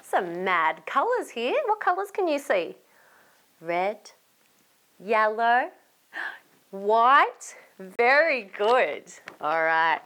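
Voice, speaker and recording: A woman from Australia reading a storybook aloud to young children, animated and inviting them to join in. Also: medium pitch, drawn-out words.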